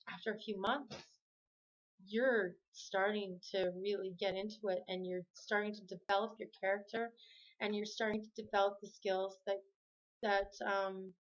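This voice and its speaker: Woman podcast host, upbeat and encouraging, casual chat, a bit lo-fi. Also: medium pitch. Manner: enthusiastic, encouraging, with frequent ums and restarts. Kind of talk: casual talk to camera.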